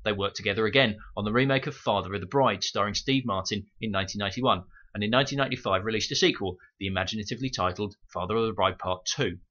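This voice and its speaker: Wry man with a bright voice. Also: on the low side, fast, hardly any pauses. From United Kingdom. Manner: wry, sarcastic asides. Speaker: podcast host. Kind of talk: scripted review narration. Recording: muffled home microphone.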